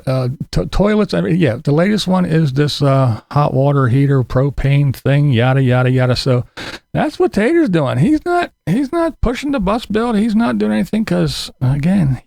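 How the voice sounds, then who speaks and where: A middle-aged man from Pennsylvania gives rambling, sarcastic commentary, swearing offhandedly. His voice sits a bit high and has a gravelly fry. It is recorded dry, close to the mic. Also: big pitch swings, moderate pace, darkish tone, dry recording. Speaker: commentary channel host. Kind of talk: casual commentary on other creators.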